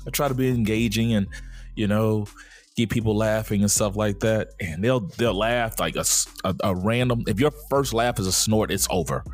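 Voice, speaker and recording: A man co-hosting a podcast, chatting casually and playfully, with exaggerated imitations. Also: fairly low pitch. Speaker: podcast co-host. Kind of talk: casual chat.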